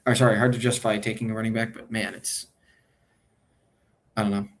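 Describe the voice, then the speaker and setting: Man, lowish voice, casual streamer, thinking aloud, hesitant, self-correcting. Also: level tone, fairly quick. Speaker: fantasy football streamer.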